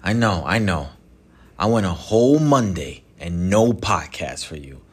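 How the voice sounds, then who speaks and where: A man's voice: sits low, big pitch swings, a little slow, husky. A man hosting his own podcast, talking casually and directly to listeners in a chatty, conversational way with restarts. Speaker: podcast host. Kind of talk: casual solo podcast talk. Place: Mexico.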